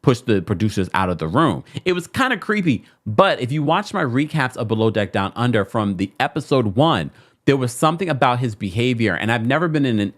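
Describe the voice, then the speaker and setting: Casting: opinionated New man hosting a chatty podcast, lively and animated. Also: on the low side. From New York. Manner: animated and opinionated, talks straight to listeners. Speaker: podcast host. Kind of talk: casual pop-culture commentary.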